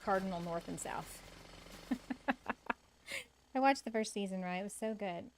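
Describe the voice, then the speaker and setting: A woman's voice: mid-range voice, normal speed, slight background noise. A woman streaming a cozy game, chatting casually with her viewers and laughing often. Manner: chatty, laughs often, reads and answers chat. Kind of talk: casual gaming stream chat.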